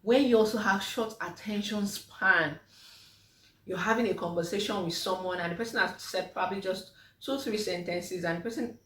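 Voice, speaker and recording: A woman's voice: medium pitch, normal speed, fairly bright tone, far from the mic. A woman physiotherapist giving an informal health talk to mothers, chatty with many fillers, acting out the replies she quotes. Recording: echoey room, voice from off mic.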